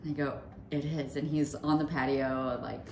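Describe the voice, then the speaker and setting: A woman with a low voice tells stories on a casual podcast, chatty and cursing freely. The room sounds echoey and has a faint hiss behind her. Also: steady tone, gravelly, a little mellow. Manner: chatty, swearing, storytelling with quick asides. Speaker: podcast co-host. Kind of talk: casual chat.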